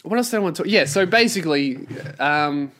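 Solo podcast host, male, young, ranty and profane, pitch a bit high. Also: expressive, fairly quick, a bit bright. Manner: profane, ranting, acts out mocking quoted voices.

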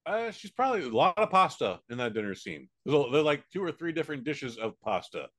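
Animated, profane American man. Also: a little high. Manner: animated, profane, does quick silly voices. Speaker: podcast co-host. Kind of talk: casual movie review chat.

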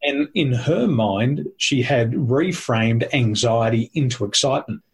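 A man with a very husky, breathy voice talks in a conversational, teacherly way. He stresses his points and runs through them as lists. His pitch sits in the middle. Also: lively intonation, unhurried. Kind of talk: conversational explaining.

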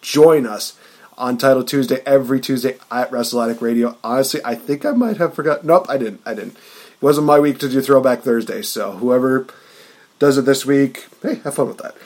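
A man's voice: mid-range voice, a little mellow. A man hosting a wrestling podcast in a hyped, announcer-like casual chat. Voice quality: hype, announcer-like delivery. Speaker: podcast host.

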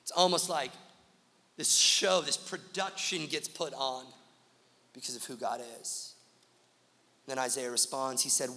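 A man's voice: mid-range voice, measured pace, bright, forceful tone. Emphatic preaching man in a reverberant hall. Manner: emphatic preaching in rhythmic repeated lists. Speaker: pastor. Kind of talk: sermon.

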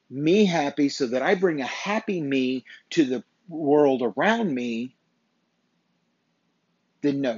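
A man's voice: mid-range voice, a little mellow, slightly rough, no echo. A man hosting a motivational podcast, talking in a blunt, emphatic, profane and repetitive way. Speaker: podcast host. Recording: dull, dry lo-fi recording.

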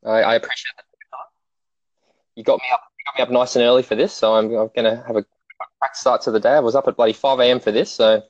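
A man's voice: mid-range voice, flat delivery, fast, dry recording. A young Australian man chatting casually as a podcast guest, laid-back and joking, often stumbling and restarting his sentences. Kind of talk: casual chat. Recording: dull lo-fi audio.

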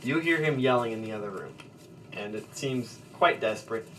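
A man narrating as game master of a tabletop role-playing game, relaxed and hesitant, with fillers and chuckles. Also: mid-range voice, moderate pace. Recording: distant mic with faint background noise.

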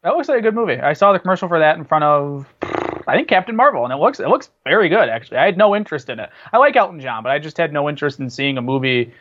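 A man's voice: a little high, sing-song, very fast, a bit bright. Chatty man on a dull, lo-fi recording. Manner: chatty, rambling, many fillers and restarts. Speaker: podcast co-host. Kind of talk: casual chat about movies and TV.

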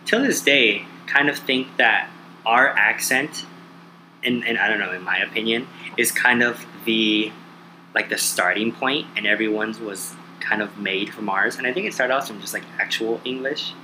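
A man from California with a Californian accent, a podcast guest chatting casually and telling animated stories. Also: fairly low pitch, normal speed, slight background noise, rough recording. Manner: animated storyteller, casual "dude", "bro". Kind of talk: casual chat.

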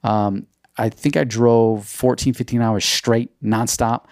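A man's voice: little pitch movement, takes it slowly, darkish tone, no echo, clean studio sound. A young man hosting a podcast, telling a long personal story in a rambling, casual way, filled with "like" and "you know.". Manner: acts out quoted dialogue with pitch jumps. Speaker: podcast host.

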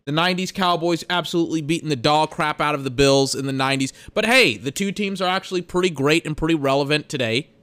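A man rants on a podcast in a smooth, resonant voice, exasperated and sarcastic, swearing freely. The sound is dry and close, with no room around it. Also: on the high side, quick pace, hardly any pauses, fairly bright tone, no echo. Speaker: podcast host. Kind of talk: ranting sports commentary.

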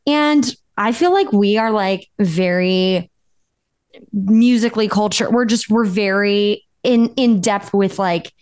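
Slow and smooth, with a medium pitch and darkish tone, this podcast co-host chats casually, teasing bluntly and swearing freely. There's no echo on the recording.

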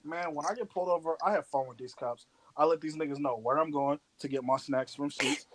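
A man's voice: a little high, fairly quick, background noise. A man from Virginia, a podcast co-host, joking and swearing in casual chat.

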